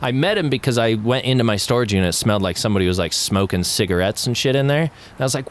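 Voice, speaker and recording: A man co-hosting a podcast in casual chat, his voice sitting at an ordinary middle pitch. He tells rambling stories, laughs often, swears freely and jumps up high when he quotes people. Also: fast talker, smooth. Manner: laughing, swearing storyteller who acts out quoted talk. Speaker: podcast co-host.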